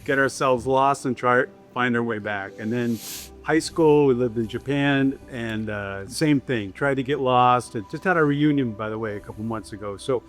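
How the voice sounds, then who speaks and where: A man's voice: mid-range voice, normal speed, fairly bright tone, faint music behind. A man from New York, a guest on a podcast, telling his life story in a friendly, easy way. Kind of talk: casual interview talk.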